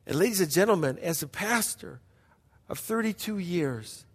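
A middle-aged male pastor preaching a sermon as a story, emphatic and repetitive, dropping to hushed passages between bursts. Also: sits high, animated, normal speed, slightly rough. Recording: long hall reverb.

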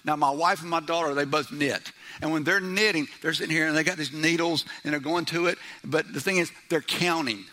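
A middle-aged man preaching a sermon in church, loud, animated and joking. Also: on the high side, fairly quick, hardly any pauses. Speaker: pastor.

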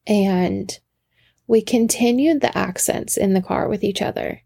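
A woman's voice: mid-range voice, measured pace, gravelly, dark tone, husky, no echo. A woman in her thirties, a podcast host, telling a rambling casual story and interrupting herself with asides. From Washington state.

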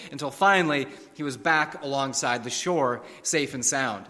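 A man's voice: fairly high pitch, moderate pace, few pauses, pushed and bright, long reverb tail. A man preaching a sermon, telling stories and fables with a dramatic, varied delivery. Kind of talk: sermon with storytelling.

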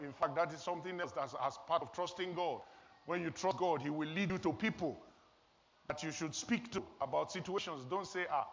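A man's voice: a little high, fairly bright tone, a little hiss or hum. Man preaching in a reverberant hall. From Nigeria. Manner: earnest, storytelling, exhorting. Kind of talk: sermon. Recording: long hall reverb, dull lo-fi sound.

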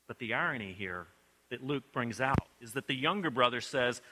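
A man preaching a sermon, telling a story expressively and shifting between soft, low passages and emphatic ones. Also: expressive, normal speed. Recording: clicking noise in the background.

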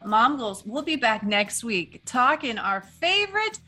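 A woman co-hosting a mom podcast, chatting casually and telling stories with animated, laughing exaggeration. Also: on the high side, unhurried, soft background music. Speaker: podcast co-host. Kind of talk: casual chat.

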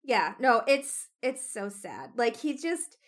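A young woman co-hosting a casual book discussion podcast, animated and full of "like", raising her voice when upset. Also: on the high side, takes it slowly. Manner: animated, frequent "like", gets loud when upset.

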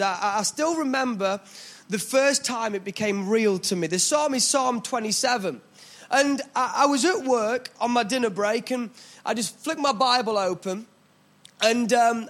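High-voiced young British man preaching. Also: a bit bright. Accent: British English. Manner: chatty, joking, self-deprecating. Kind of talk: church sermon. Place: church stage.

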